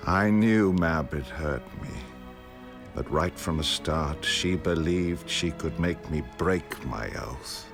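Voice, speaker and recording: An actor playing an older wizard who narrates his own story in a measured, solemn storytelling voice. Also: extremely low pitch. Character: older male wizard recalling his life. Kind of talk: film narration. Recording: music under narration.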